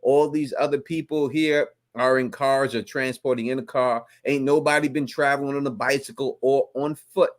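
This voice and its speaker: A man's voice: mid-range voice, steady tone, moderate pace, few pauses. A man hosting a live stream, explaining fan theories at length with many restarts. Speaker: host.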